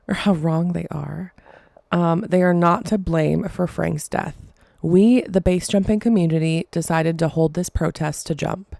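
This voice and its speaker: Low, gravelly woman with a dry mellow voice. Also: no echo. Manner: halting, apologizes for stumbling over words. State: emotional, choked up. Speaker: podcast host. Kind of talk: casual solo podcast storytelling.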